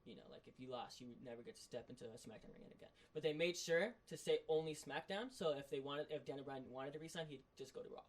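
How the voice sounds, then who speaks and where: Male podcast co-host, rapid rambling recap, mid pitch. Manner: excited rambling recap full of "like". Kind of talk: casual chat.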